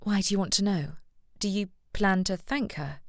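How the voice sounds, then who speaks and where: A woman's voice: medium pitch, moderate pace, no room sound, pitched above the performer's own voice, lightly acted. Witty young lady, voiced by the woman narrator; tart, lifted and half-whispered, dry. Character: sharp-tongued young lady with freckles. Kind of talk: audiobook narration.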